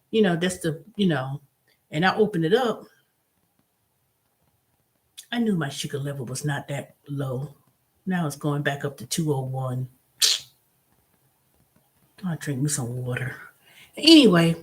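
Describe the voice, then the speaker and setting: Blunt, animated woman vlogger. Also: on the low side, normal speed, long pauses. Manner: animated storytelling, blunt and profane. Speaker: host. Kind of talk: casual vlog monologue.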